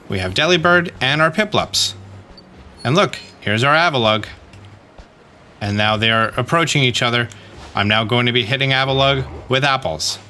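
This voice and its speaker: In this game commentary walkthrough, a man hosts a guide in a sharp, mid-range voice, with a little hiss or hum behind him. He instructs step by step, says "okay?" again and again, and grows exasperated while addressing the creature on screen.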